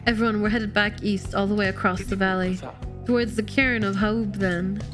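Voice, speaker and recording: A woman commentates her game stream casually, reacting excitably and reading lines aloud. Her voice sits at an ordinary pitch. Game music plays clearly behind her. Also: normal speed. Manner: excitable, laughs often, reads dialogue aloud.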